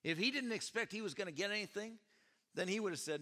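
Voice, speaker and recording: A man pastor preaching a sermon at a church service, animated and questioning his congregation as he tells the story. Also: sits high, quick pace. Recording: echoey church hall.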